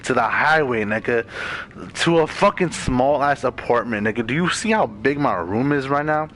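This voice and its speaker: A young man from Maryland vents to a friend on voice chat, rambling through profanity and endless "like" fillers. His voice sits at an ordinary middle pitch and comes through a headset from his bedroom, with a faint hiss of noise underneath. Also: animated, moderate pace, fairly bright tone, low-quality recording. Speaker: gamer in voice chat. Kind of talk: casual venting chat. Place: bedroom at home.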